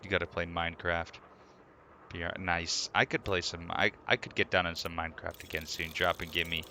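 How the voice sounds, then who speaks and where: A man's voice: sits low, flat delivery, a little fast, pushed and bright, slight background noise. A man live streaming, chatting casually in a joking, rambling way. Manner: joking, rambling, laughing often. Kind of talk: casual chat.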